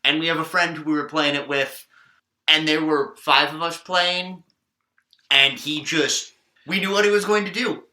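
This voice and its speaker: A man's voice: a little high, steady tone, normal speed, sharp tone. A man on a podcast, joking wryly and explaining a game in casual chat. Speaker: podcast co-host. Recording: echoey room.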